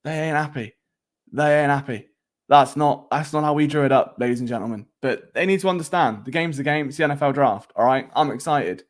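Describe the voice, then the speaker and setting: Chatting through viewer comments on his sports podcast stream, this man in his late twenties speaks a little fast in a highish voice. He's at home at night below loud neighbours, joking around and frequently fumbling names.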